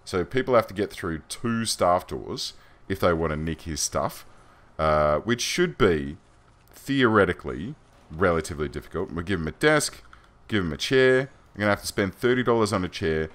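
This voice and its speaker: Deep-voiced Australian man, rambling gameplay talk. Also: lively intonation, moderate pace, fairly bright tone. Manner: rambling, chatty, self-deprecating. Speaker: let's play host. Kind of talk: gameplay commentary.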